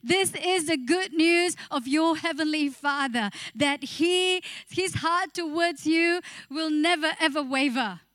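A woman's voice: high-pitched, takes it slowly, hardly any pauses, fairly bright tone, no room sound, clean studio sound. A woman preacher giving a passionate church sermon, acting out inner voices and speaking to the congregation. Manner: passionate, acts out inner voices, sings briefly.

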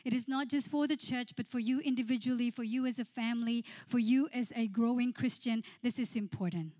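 A woman pastor giving a sermon. She reads scripture, then tells a counseling story with frequent laughter and quiet, hushed quotes of her own words. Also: a little high, steady tone, fairly quick.

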